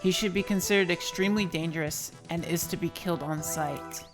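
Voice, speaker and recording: A woman putting on a pompous old knight commander, all posh, fussy old-fashioned phrasing. The voice sits low, and faint game music plays underneath. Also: a little fast, close to an everyday voice. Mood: briskly official.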